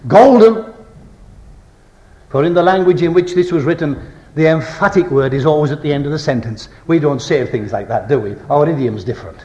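A man preaches a sermon in an echoey hall, reciting scripture with weight on the final words and putting rhetorical questions to the congregation. He swings between ringing declamation and hushed, low tones, and the audio sounds dull.

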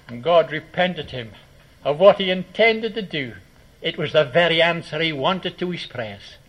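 Preacher with dramatic swings. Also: male voice, high-pitched, lively intonation, moderate pace. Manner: dramatic storytelling with acted quotes and sudden loud and soft swings. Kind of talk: sermon. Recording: dull lo-fi sermon recording.

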